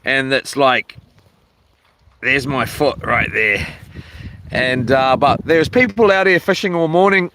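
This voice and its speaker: Outdoors at an island camp by the water, a male vlogger chats casually, rambling in a laid-back way with lots of ums and slang, filmed on a handheld phone. His mid-range voice moves slowly with long pauses, and there's background noise.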